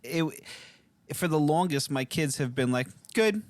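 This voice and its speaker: A man's voice: fairly high pitch, lively intonation, a little slow, no echo. A man co-hosting a parenting podcast, talking in a rambling, earnest way and laughing easily. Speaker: podcast co-host. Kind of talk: casual podcast chat.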